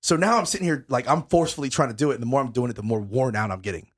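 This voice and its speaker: A young man, a podcast host, telling a story in casual chat, animated and swearing a lot, still out of breath. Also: mid-range voice, racing.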